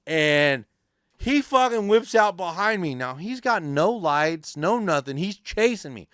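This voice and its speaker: Animated, foul-mouthed storyteller man. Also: high-pitched, measured pace, dry recording, studio quality. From California. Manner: animated, swears constantly, acts out voices in his stories. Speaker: podcast host. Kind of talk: casual profane storytelling. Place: podcast studio.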